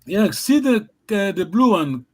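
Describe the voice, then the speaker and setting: A man with a high voice leads a language lesson over a video call. He speaks patiently and haltingly, repeats himself and laughs often. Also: sing-song, darkish tone, poor audio. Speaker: language teacher. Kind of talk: online language class.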